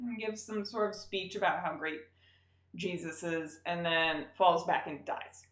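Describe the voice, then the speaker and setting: A woman co-hosting a podcast, casually recapping a movie as an animated storyteller who acts out scenes in quick voices. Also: lowish voice. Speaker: podcast co-host. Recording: roomy echo.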